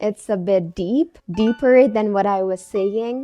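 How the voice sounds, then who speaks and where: A woman's voice: mid-range voice, moderate pace, dark tone, soft background music. A young adult woman vlogger telling a personal story in an earnest, conversational, reflective way. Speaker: English-speaking vlogger.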